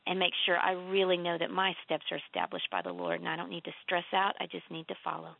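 A woman author guest in a casual faith conversation, telling earnest, animated stories with emphatic lifts in her voice. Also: fairly low pitch, fast, creaky, dry recording. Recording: tinny phone-like line.

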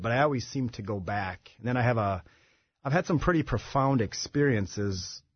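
A man as a radio studio guest, telling his recovery story in a halting way with many restarts. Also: medium pitch, husky, dry recording, muffled recording. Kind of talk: personal recovery testimony.

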